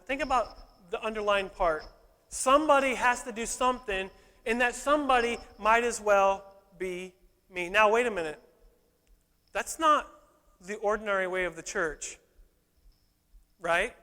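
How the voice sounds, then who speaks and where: Pastor guy preaching, jokey then fired up, high bright voice, echoey hall. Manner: playful and joking, then fervent. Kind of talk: sermon.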